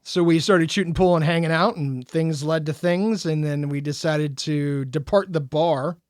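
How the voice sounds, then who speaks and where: In clean studio sound with no room echo, a podcast co-host tells a story during casual chat, animatedly acting out the quoted lines. His voice sits on the high side with fairly even intonation, a darkish tone, and normal speed.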